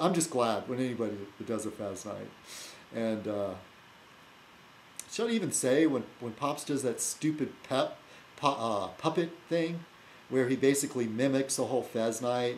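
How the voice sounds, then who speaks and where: A man talking casually to camera as a video blogger, rambling and teasing, halting often with fillers and restarts and chuckling to himself. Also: mid-range voice, expressive, a little mellow, slight background noise, rough recording. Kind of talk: rambling casual vlog chat.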